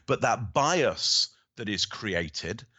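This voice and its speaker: A man's voice: on the low side, animated, extremely slow, pushed and bright, slightly rough, no echo. A middle-aged man answering interview questions as a body language expert, explaining thoughtfully and often restarting his phrases.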